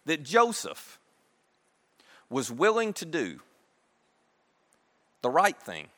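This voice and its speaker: A man's voice: a little high, huge pitch swings, slow pace, pushed and bright. A man preaching a sermon, telling the story in a conversational, humorous way. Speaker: pastor. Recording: echoey hall.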